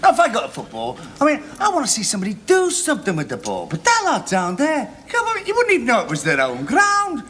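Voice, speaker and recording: A man's voice: very high-pitched, huge pitch swings, a bit bright, soft background music, exaggerated voice. An actor playing a cheeky young man with a Liverpool accent who mocks and argues back in a studio sitcom. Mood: arguing. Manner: mocking, quick to argue back. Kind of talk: 1960s-70s studio sitcom acting.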